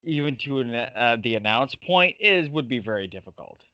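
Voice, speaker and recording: A man co-hosting a podcast, chatting casually and hesitantly with lots of fillers, whose voice jumps up when he gets excited. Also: medium pitch, normal speed, no echo, dull audio. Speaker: podcast co-host. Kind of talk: casual chat.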